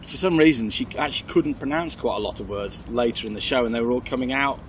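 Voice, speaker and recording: A man's voice: medium pitch, fast talker, slight background noise. A man from south Birmingham with a Birmingham accent, chatting animatedly and self-mockingly as an improv guest. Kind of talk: casual chat.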